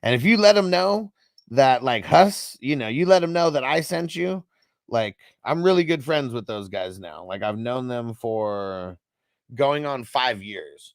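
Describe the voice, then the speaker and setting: A man's voice: mid-range voice, expressive, unhurried, creaky, no echo, studio quality. A young man hosting a casual livestream, reading out chat comments in a loose, rambling way and swearing freely. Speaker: host.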